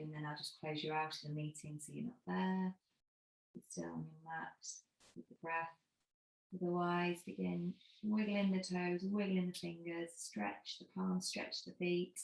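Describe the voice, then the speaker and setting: A woman yoga teacher giving slow, soothing cues and breathing prompts as she guides a cool-down over a video call. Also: lowish voice, creaky, a little mellow. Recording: echoey room.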